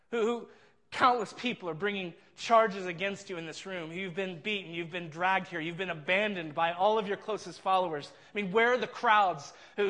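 A man voicing a scornful high priest who mocks a bound prisoner in a sermon retelling. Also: a bit bright, exaggerated voice. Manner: sneering, incredulous, emphatic. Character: mocking scornful male high priest, middle-aged.

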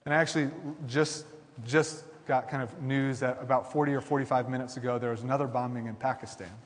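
A man's voice: medium pitch, steady tone, fast talker. A man pastor preaching a sermon, building with repeated declarations and frequent restarts. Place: large church hall. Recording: long hall reverb.

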